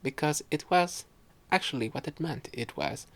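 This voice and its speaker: Gravelly young man. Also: a little high, lively intonation, normal speed, a bit bright. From Quebec, Canada. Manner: rambling, giggly, self-correcting. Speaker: podcast host and student. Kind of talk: casual solo chat.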